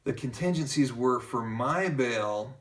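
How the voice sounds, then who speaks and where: A man's voice: mid-range voice, measured pace. Man spinning a story, slightly distant mic. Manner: lively narrator who keeps acting out quoted dialogue. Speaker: guest telling a personal story. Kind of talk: casual storytelling.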